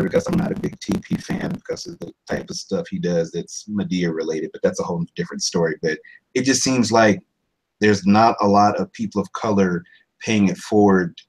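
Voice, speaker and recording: Gravelly husky-voiced man, rambling. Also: poor audio. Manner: rambling, restarts often, jumps into higher impressions. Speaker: voice over artist. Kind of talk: casual interview talk.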